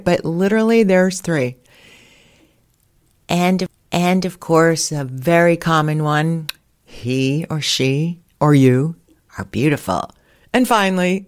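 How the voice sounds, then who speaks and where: A low-pitched woman hosting a podcast in an easy, chatty storytelling mode. She laughs often while telling her anecdotes. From United States. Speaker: podcast host. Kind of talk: casual storytelling monologue.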